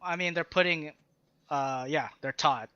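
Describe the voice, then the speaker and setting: A young man running a tabletop game as game master, describing the scene in halting bursts with many fillers. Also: fairly high pitch, sharp tone, clean tone. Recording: dull lo-fi dry recording.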